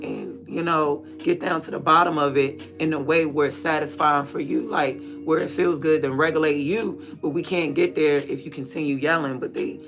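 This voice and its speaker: A man's voice: on the high side, fairly bright tone. A man chatting casually and candidly in a rambling, slangy way while watering plants. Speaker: vlogger.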